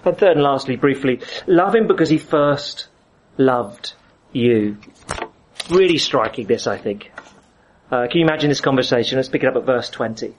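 A man's voice: mid-range voice, animated, normal speed, slight background noise. A man preaching a sermon, acting out the voices of the people he quotes.

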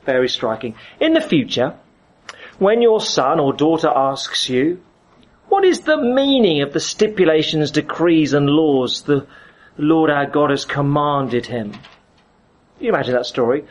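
A man's voice: on the high side, animated, a little slow. A man preaching a sermon, acting out the voices of the people he quotes.

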